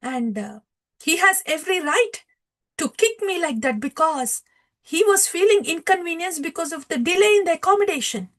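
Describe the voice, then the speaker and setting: A devoted man speaks fervently in a high, raised voice, as a woman lecturer acts him out. He is humble and earnest. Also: lively intonation, moderate pace, a bit bright. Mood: rebuking. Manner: fervent, pleading.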